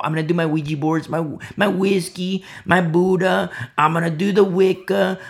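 A preacher mimicking a flippant excuse-making churchgoer. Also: male voice, on the high side. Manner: rattling off excuses.

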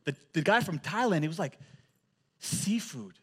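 Man, pastor, sermon, animated storyteller, repeats words, slightly high pitch. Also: moderate pace, breathy edge.

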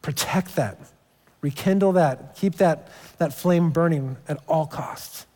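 Taking it slowly with a slightly high, darkish voice, a pastor in his thirties gives a church sermon. His stories come out casually with repeated restarts, echoing in the sanctuary's long reverb.

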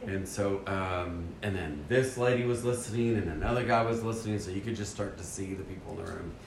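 A man with a lowish voice tells a church mission story in a casual, animated way, poking fun at himself and acting out his own thoughts. He sounds like he's in a roomy, echoey space. A faint rumble sits underneath. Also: a little fast, gravelly. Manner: animated, acts out his own inner voice, self-deprecating. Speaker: church member sharing a mission trip story.

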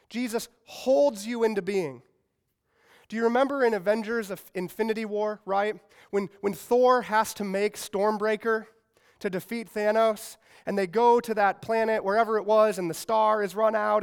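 A man preaching a sermon to a congregation, emphatic and repeating key phrases, building to loud peaks and dropping to quiet, slow emphasis. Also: sits high, clean tone. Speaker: pastor. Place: church service.

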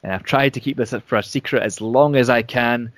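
A man's voice: mid-range voice, brisk, no echo, close to an everyday voice. A man reading out a cocky wrestler. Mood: defiant. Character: defiant male wrestler, cocky.

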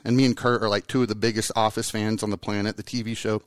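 A man's voice: fairly low pitch, quick pace, hardly any pauses, no echo. Upbeat joking male podcast host, dry sound. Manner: energetic, joking, rambling. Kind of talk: casual podcast chat.

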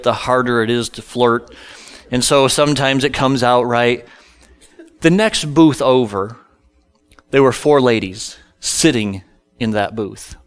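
A man's voice: mid-range voice, a bit bright, clean tone. A middle-aged male pastor telling a humorous personal story in a sermon, self-deprecating and conversational.

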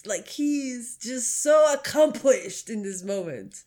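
A woman co-hosting a podcast, retelling cartoon scenes with animated storytelling and casual swearing. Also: mid-range voice. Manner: animated storytelling, swears, quick agreeing fillers. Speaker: podcast co-host. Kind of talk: casual chat reviewing a cartoon episode.

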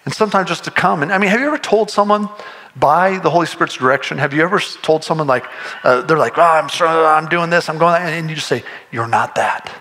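A man's voice: on the high side, fast, bright, forceful tone, poor audio. A man preaching a sermon, earnest and conversational, often restarting his sentences and pushing toward emphatic points. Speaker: pastor.

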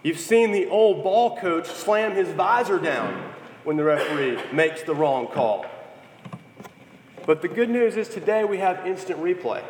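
A man preaching a sermon, telling stories and acting out quotes with energy. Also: a little high. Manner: storytelling with lively acted quotes. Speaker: pastor. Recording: echoey hall.

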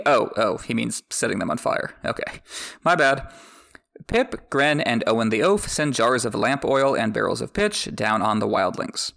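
A man hosting a chapter-by-chapter book podcast, mixing read-aloud passages with wry jokes. His mid-pitched voice carries a gravelly, creaky texture. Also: lively intonation, moderate pace, a bit bright. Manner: wry, joking asides. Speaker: podcast host. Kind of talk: chapter recap with read excerpts.

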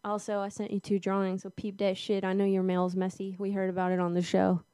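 A woman's voice: medium pitch, completely flat delivery, a little fast, warm tone, smooth, no echo. A woman co-hosting a comedy podcast, offhand and profane in casual chat. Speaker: podcast co-host.

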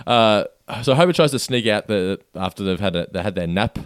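A man co-hosting a podcast, chatting casually about a cartoon episode in an animated, exasperated, sweary way. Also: fairly low pitch, fairly quick, clean tone, no room sound, clean studio sound. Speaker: podcast co-host.

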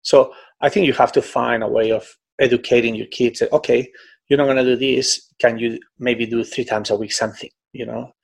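A middle-aged man, a swim coach, telling stories in a conversational interview, animated and peppering his talk with "you know". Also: mid-range voice, a little fast, gravelly, breathy edge. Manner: animated, frequent "you know", breaks into quoted voices.

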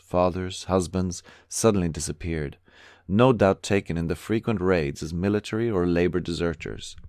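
Low voiced guy reading an old diary book aloud, steady, very dry close sound. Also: no room sound. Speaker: audiobook reader. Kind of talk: scripted narration.

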